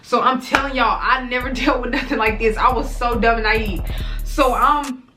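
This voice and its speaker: A woman's voice: on the high side, fairly even intonation, moderate pace, sharp tone, faint music behind. A young woman in her twenties, a vlogger telling a casual, profane storytime full of fillers.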